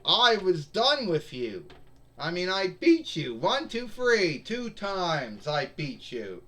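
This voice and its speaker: A man's voice: high-pitched, big pitch swings, slow pace, sharp tone, heavily acted. A man voicing a cocky male champion wrestler who taunts his rival in a toy wrestling story. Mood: boastful. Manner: boastful, taunting.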